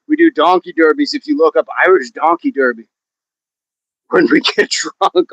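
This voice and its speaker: A man's voice: mid-range voice, a bit bright, dry recording. A man hosting a fitness livestream outdoors, chatting casually and joking as he reads viewer comments. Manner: joking, chatty, laughs often. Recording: dull, dry, lo-fi sound.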